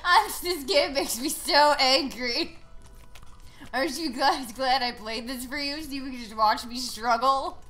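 High bright gamer girl streaming, cussing a lot, yelling when she loses, sarcastic rants. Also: a little slow, soft background music. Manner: frustrated, swearing, loud outbursts; sarcastic ranting. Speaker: game streamer. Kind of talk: live gameplay commentary.

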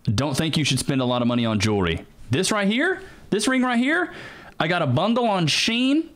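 A man's voice: fairly high pitch, very animated, moderate pace, a bit bright. A man hosting a casual reaction show, bantering in slang and laughing often. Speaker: host reacting to clips.

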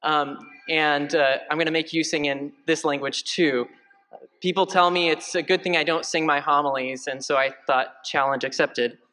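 A male parish priest giving a conversational homily, joking lightly and filling pauses with ums and uhs. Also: a little high, fairly even intonation, sharp tone. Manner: chatty, joking, many fillers. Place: large church. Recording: long church reverb.

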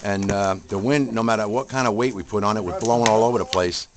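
A man's voice: on the low side, steady tone, quick pace. A middle-aged man with a New Jersey accent, casually chatting and joking as he films around an outdoor shooting range. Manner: chatty, jokey, friendly banter. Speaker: event host filming a tournament. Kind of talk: casual walk-around narration. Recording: noisy outdoor camera audio.

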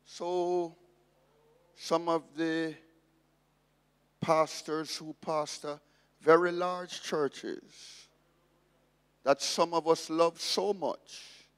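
A man's voice: fairly high pitch, steady tone, very slow, pauses often, clean tone, big-room sound. A man preaching a sermon as pastor, emphatic and repeating his key phrases.

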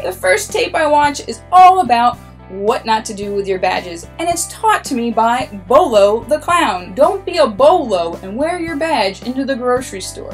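High-voiced woman telling a wry story. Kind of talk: personal storytelling.

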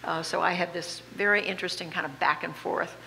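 A woman in her seventies with a slight Southern accent, telling lively, self-deprecating stories as an honored guest on stage. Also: fairly low pitch, a little fast, gravelly. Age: 70s. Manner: animated, self-deprecating anecdotes with frequent laughs. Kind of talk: on-stage interview storytelling. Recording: reverberant hall with faint background noise.

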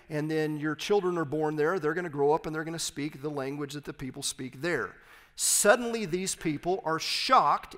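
A man's voice: a little high, fairly bright tone. A man with a Texan accent, a pastor giving an emphatic teaching sermon with humorous asides in a church. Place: church sanctuary. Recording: long hall reverb.

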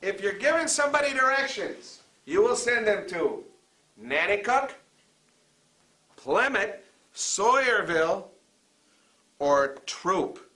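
In a comedy sketch, a man plays a bossy teacher running a comic class on a local dialect. His voice is high, sing-song, and bright with a forceful edge, a full character voice, and he lectures in a deliberate, exaggerated way.

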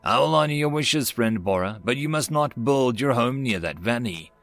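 A man's voice: mid-range voice, expressive, moderate pace, fairly bright tone, faint music behind. A man voicing a small, nervous alien who placates and stammers with many fillers. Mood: placating. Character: small timid alien barkeep, male, nervous and friendly.

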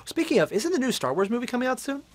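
A male streamer chatting casually while playing, excitable and swearing, with loud outbursts. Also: very high-pitched, very fast, slight background noise. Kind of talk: casual gaming chat.

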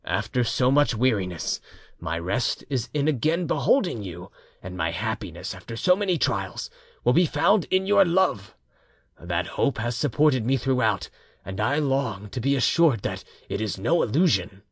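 A man voicing a returned peasant husband, speaking low, soft and intimate. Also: sing-song, normal speed, slightly rough, dry recording, studio quality. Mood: tender. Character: returned peasant husband, tender yet commanding.

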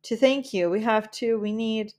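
A woman's voice: on the high side, moderate pace, a little mellow, natural voice. A woman reading the part of an earnest, loyal boy who pleads urgently with a friend. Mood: pleading.

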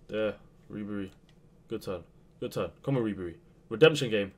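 A young man commentating his own football video game match, swinging between low muttering and sudden shouts. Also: normal speed, pauses often. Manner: excitable, swings from muttering to yelling. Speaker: gaming youtuber. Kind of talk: live gameplay commentary.

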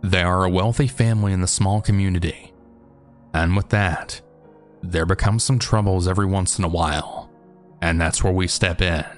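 A man narrating an animated horror story in a steady, matter-of-fact way. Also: low-pitched, moderate pace, soft background music.

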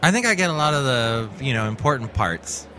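A man's voice: medium pitch, big pitch swings, a little fast, pushed and bright. Playful, rambling male podcast host. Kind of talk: comedic solo podcast with news segment.

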